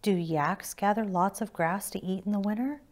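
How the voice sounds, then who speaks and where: A woman's voice: medium pitch, normal speed, close to an everyday voice. A woman voicing a small, curious young male yak calf in a read-aloud storybook, asking eager questions in a raised voice.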